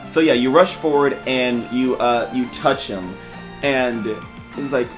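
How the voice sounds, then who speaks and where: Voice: medium pitch, unhurried, over music. Casual tabletop game master narrating. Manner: casual, hesitant narration with many fillers.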